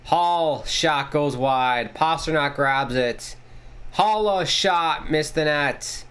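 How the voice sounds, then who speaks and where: A man hosting a casual live watchalong, calling the play-by-play excitedly and swearing casually. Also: drawn-out words, clean tone. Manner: excitable, jumps pitch on big plays, swears casually. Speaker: watchalong host.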